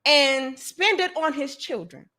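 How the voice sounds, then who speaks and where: A woman's voice: high voice, animated, slow pace, bright, forceful tone. A woman hosting a livestream, ranting in a profane, emphatic and exasperated way while reading chat comments. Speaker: host.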